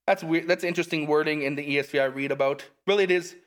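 A man preaching a casual sermon, reading scripture aloud and breaking off for relaxed, conversational asides. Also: on the high side, quick pace, few pauses.

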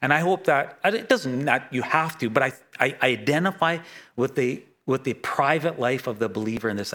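A middle-aged man preaches with earnest feeling. His delivery is halting and full of restarts as he works through his thoughts. His voice sits at an ordinary middle pitch. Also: lively intonation, a bit bright. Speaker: pastor. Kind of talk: sermon.

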